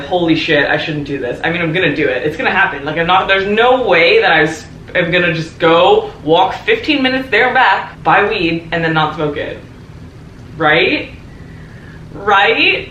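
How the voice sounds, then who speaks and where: Nervous rambling young vlogger, bright voice. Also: mid-range voice, expressive, normal speed, a little hiss or hum. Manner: nervous, rambling, swears a lot. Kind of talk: casual vlog monologue. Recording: roomy echo, faint music.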